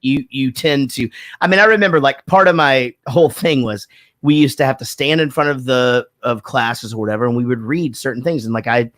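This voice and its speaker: A man's voice: medium pitch, fairly quick, fairly bright tone, no echo, clean studio sound. A man from Texas talking casually as a podcast host, candid and profane, rambling with many restarts. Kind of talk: casual chat.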